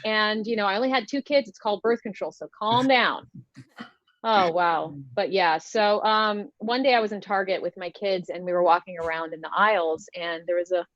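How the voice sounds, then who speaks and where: A woman's voice: medium pitch, brisk, few pauses, dry recording. Female stand-up comic, wry and conversational, dull dry video-call audio. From United States. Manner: wry, conversational storytelling with many fillers. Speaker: stand-up comedian guest. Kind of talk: stand-up comedy set.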